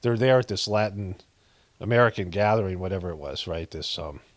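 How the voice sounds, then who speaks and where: A man's voice: sits low, brisk, no echo. A middle-aged man casually telling a personal story, rambling with many fillers and restarts, frank and sometimes profane. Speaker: meditation practitioner telling a story.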